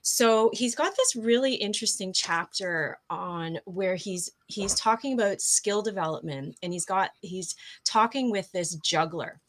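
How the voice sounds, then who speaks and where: A woman's voice: medium pitch, a little slow, few pauses. A woman guest coach explaining ideas in a casual interview, tripping over her words and laughing at herself.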